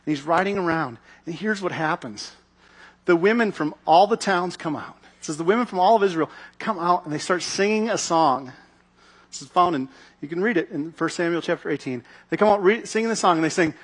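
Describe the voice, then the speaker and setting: A man's voice: sits high, lively intonation, normal speed, fairly bright tone, husky. A man giving a sermon as pastor, telling a story animatedly and acting out its scenes.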